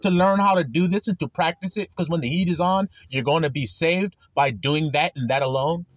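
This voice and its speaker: A man preaching a sermon, reading scripture slowly and stretching the words, then explaining it in blunt, profane street talk. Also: on the high side, no room sound.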